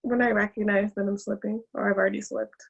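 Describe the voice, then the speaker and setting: A woman's voice: mid-range voice, level tone, quick pace, creaky, breathy edge, lo-fi sound. A woman on a group coaching call, talking hesitantly with many ums and a slight lisp from her braces.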